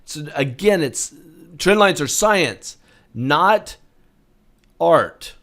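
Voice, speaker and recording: A man hosting a market review, talking through charts in a punchy, repetitive way, getting loud on key points and dropping quiet on warnings. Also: fairly high pitch, lively intonation, extremely slow. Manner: emphatic, repeats words, swings loud and soft. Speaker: market analyst host. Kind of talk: chart review talk to camera.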